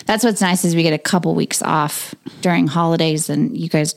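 A woman's voice: low-pitched, fairly even intonation, normal speed, creaky. A woman co-hosting a marriage podcast, chatting casually, laughing often and interrupting herself. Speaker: podcast co-host. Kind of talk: casual chat.

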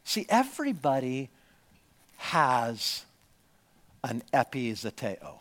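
A man preaching a sermon to a congregation, swinging from hushed storytelling to loud, emphatic lines. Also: mid-range voice, huge pitch swings, slow. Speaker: pastor. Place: church, before a congregation.

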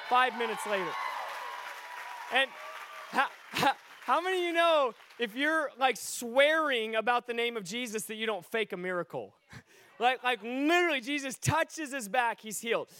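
A male preacher telling stories in a sermon to a gathered audience, swinging between quiet asides and shouted peaks. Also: very high voice, animated, normal speed, some chatter behind. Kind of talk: sermon storytelling.

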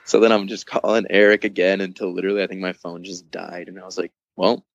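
A man's voice: deep voice, level tone, fast, creaky, highs cut off. A man chatting as a podcast guest, telling a long story in a loose, casual way, full of fillers and swearing, with laughs at the funny parts.

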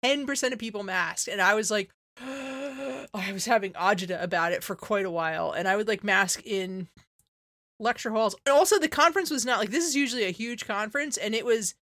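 A woman's voice: on the high side, fairly quick, no room sound, clean studio sound. A woman in her thirties, a veterinarian co-hosting a podcast, telling stories in casual chat, full of "like" and "you know", acting out her own lines. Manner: animated storyteller, acts out her own quotes; many fillers like "like" and "you know".

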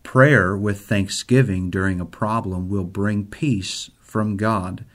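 A man, an outreach pastor, giving an earnest, measured devotional and reading scripture aloud. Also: lowish voice, fairly even intonation. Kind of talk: devotional sermon.

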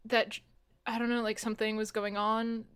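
A woman's voice: a little high, little pitch movement, moderate pace, a bit bright, smooth. Stammering, anxious woman player. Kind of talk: in-character tabletop play.

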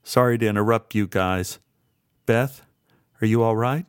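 A man reading an audiobook and voicing an earnest, apologetic man who speaks gently and warmly. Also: fairly low pitch, a little slow, clean tone, dry recording, clean studio sound, close to an everyday voice. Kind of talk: audiobook character voice.

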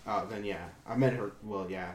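A podcast host chats casually, rambling with many restarts and hesitations. His voice is on the low side with a steady tone and moderate pace, recorded in an echoey room with faint noise.

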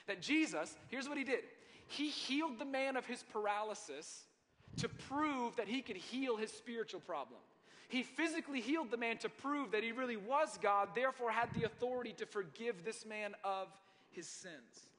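Guy pastor telling a story in a sermon, high bright voice, joking around, long church reverb. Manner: humorous, conversational storytelling.

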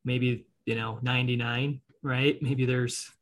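A man's voice: mid-range voice, little pitch movement, unhurried, fairly bright tone. A man co-hosting a casual podcast conversation, explaining estate planning in an easygoing way and laughing often. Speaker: estate planning attorney co-host.

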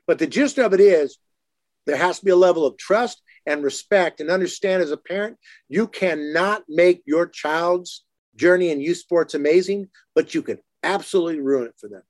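A man hosting a casual chat, telling youth sports stories and acting out quotes in lively voices. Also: moderate pace, dry recording, clean studio sound. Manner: animated, acts out quotes in lively higher voices.

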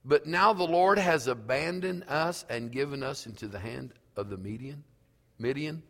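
A male pastor preaching a sermon slowly and emphatically, reading scripture aloud in a church. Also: medium pitch, fairly bright tone, big-room sound.

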